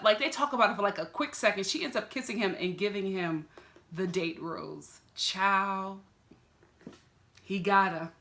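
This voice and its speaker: A chatty woman vlogger picks apart a reality TV episode in a sassy, animated way. Her voice is bright and forward. She speaks into a camera mic at desk distance. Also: medium pitch. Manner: sassy, chatty, quick to laugh. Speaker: TV reaction vlogger. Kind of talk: casual reality-TV review.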